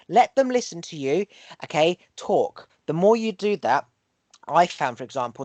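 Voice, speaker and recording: A man's voice: on the high side, a little mellow, no echo. A man hosting a podcast, talking in an earnest, preachy way, repeating phrases in rhythm and swearing for emphasis. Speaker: podcast host. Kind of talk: casual podcast chat.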